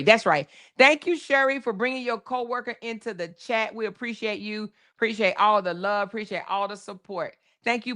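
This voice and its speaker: A woman hosts a live stream in a loose, chatty way, stretching out words and laughing easily as she talks to her viewers. Her voice is bright and forward. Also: medium pitch. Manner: chatty, drawls names, reads super chats aloud, laughs often. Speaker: livestream host. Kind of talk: casual live chat with viewers.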